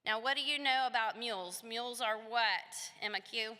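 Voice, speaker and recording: Bright-voiced woman teacher telling a story. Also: fairly high pitch, moderate pace. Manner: animated, asks the children questions. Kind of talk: storytelling to schoolchildren. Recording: long reverb of a hall.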